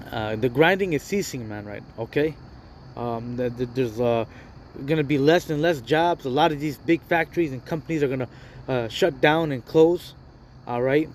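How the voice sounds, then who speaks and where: A man's voice: medium pitch, darkish tone, a little hiss or hum. A man giving an informal sermon, reading scripture and commenting in loose street talk, saying "man" and "all right" constantly.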